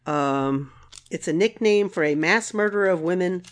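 A woman's voice: fairly low pitch, normal speed. A woman co-hosting a casual podcast recap, blunt and grumbling, swearing freely. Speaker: podcast co-host.

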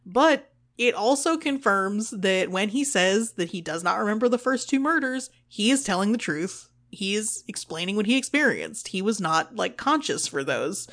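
A woman co-hosting a relaxed recap podcast, her voice sitting in an ordinary middle range. She retells scenes with sarcastic asides and breaks into quick impressions of the characters. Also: medium pitch. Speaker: podcast co-host. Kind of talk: casual recap chat.

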